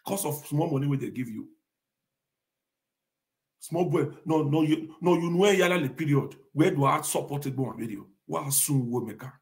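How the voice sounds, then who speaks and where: A man's voice: on the high side, moderate pace. A man with a Nigerian Pidgin accent hosting a show, ranting dramatically and raising his voice. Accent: Nigerian Pidgin English. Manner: fiery, shouting, dramatic. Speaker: host. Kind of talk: live show commentary.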